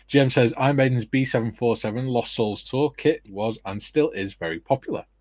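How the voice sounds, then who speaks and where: A man's voice: mid-range voice, normal speed, a little mellow, no room sound. A middle-aged man hosting a casual modelling livestream, reading out viewer comments and joking with friends. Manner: reads out viewer comments, jokey banter. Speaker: livestream host and scale modeller.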